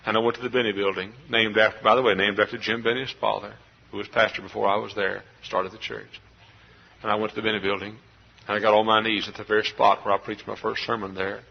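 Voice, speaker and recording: A middle-aged man preaching a sermon as a pastor, swinging from hushed confiding to shouted outbursts. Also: lowish voice, level tone, fast, vocal fry, highs cut off. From Texas. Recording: live church service recording.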